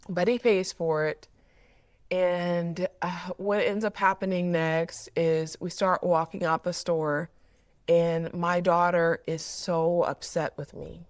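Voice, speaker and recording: A woman's voice: on the low side, fairly even intonation, slow pace, no room sound. A woman therapist sharing a personal parenting story in a candid, reflective way, often repeating words as she thinks. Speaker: mental health therapist.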